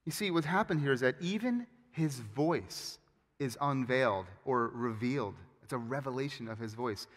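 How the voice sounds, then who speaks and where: A man preaching a sermon as pastor, with animated, emphatic storytelling and frequent restarts. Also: mid-range voice, moderate pace. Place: church sanctuary. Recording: long hall reverb.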